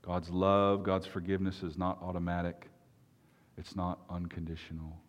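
Preacher, male, low voice, emphatic and earnest, reverberant hall sound. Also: completely flat delivery. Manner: earnest, emphatic, with long pauses. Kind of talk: sermon.

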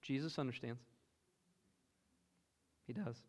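A man with a Southern US accent preaching a sermon, earnest and emphatic, moving between loud exclamations and hushed asides. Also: mid-range voice, slow pace. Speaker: pastor. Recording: long hall reverb.

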